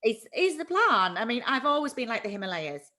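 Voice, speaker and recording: A woman's voice: on the high side, big pitch swings, brisk, bright, forceful tone. A woman hosting a casual live chat, talking freely and laughing often at herself. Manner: chatty, laughs often, self-deprecating. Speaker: livestream host.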